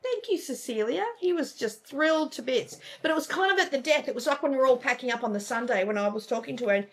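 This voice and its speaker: A woman's voice: high voice, quick pace. A woman co-hosting a casual crafting chat, gushing and chatty, often trailing off mid-sentence. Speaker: co-host of a cross-stitch channel.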